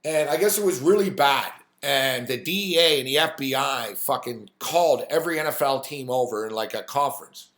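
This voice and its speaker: A man hosting a sports talk live stream, telling a story in an animated, profane rant full of quoted voices. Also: medium pitch, a little fast, hardly any pauses, reverberant.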